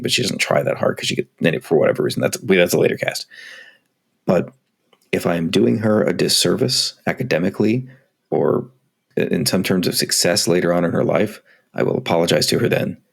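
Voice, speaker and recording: A man with a very low voice and a gravelly, fry-laden edge talks frankly on a podcast. His tone is husky rather than clean, and he is self-critical and quick to swear. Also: animated. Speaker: podcast co-host. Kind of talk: casual podcast conversation.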